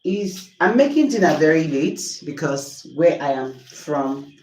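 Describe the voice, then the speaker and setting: A woman's voice: low voice, expressive, a little slow, darkish tone, reverberant, recorded from a distance, low-quality recording. A Nigerian woman chatting on a livestream while cooking at home, exasperated and apologetic. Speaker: livestream host. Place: home kitchen.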